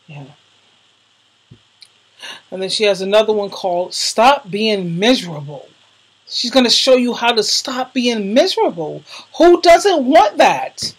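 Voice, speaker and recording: A woman's voice: medium pitch, expressive, measured pace, long pauses, husky, low-quality recording. A woman YouTuber talking casually to her viewers, effusive and emotional, with slangy emphasis, calling them darling. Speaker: YouTuber recommending videos to viewers. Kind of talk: casual vlog talk.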